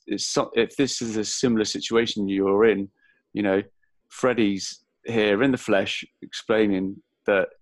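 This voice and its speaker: A man's voice: lowish voice, dry recording. A man with an English accent, hosting a podcast interview, talking in a rambling way and restarting his sentences often. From England. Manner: rambling, halting, with many fillers and restarts. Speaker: podcast host. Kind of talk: casual interview chat.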